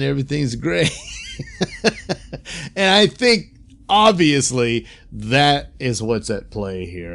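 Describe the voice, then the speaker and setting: A man casually recapping and reviewing a TV episode, chatty, with frequent laughs and fillers. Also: fairly low pitch. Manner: chatty, laughs often, many fillers, quick voice impressions. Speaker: reviewer, host.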